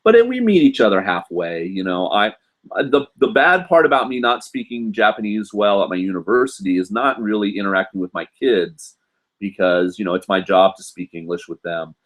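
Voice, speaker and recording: A man with a lowish voice hosts a casual live question-and-answer stream. He talks in a loose, chatty way, filling his sentences with "you know". His delivery is animated, and he sometimes jumps higher to act out students and coworkers. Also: normal speed. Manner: animated, acts out students and staff in a raised voice. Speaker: host answering viewer questions; university English teacher in Japan.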